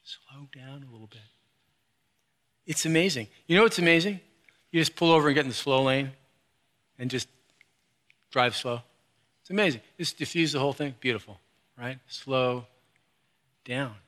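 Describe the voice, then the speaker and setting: A middle-aged man preaching a sermon, moving between quiet low stretches and loud, high, animated bursts. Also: fairly quick, long pauses. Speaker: pastor.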